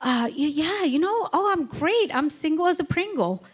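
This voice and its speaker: A woman's voice: very high-pitched, expressive, normal speed, pitched above the performer's own voice. A woman imitating a breezy, carefree man who brags about his new life in a chipper, offhand way.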